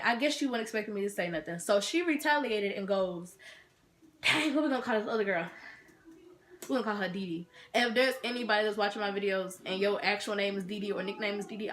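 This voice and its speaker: A young woman in her teens telling a school story to camera in an animated, slangy way. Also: a little high, a little hiss or hum. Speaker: vlogger. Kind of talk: story time vlog.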